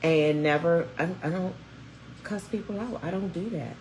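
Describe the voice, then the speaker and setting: A woman in her fifties, hosting a vlog from home and chatting to viewers in a chatty, animated storytelling way. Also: on the low side, moderate pace, slight background noise. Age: 50s. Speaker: vlog host. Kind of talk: casual chat to viewers. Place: at home, snowed in. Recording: roomy echo.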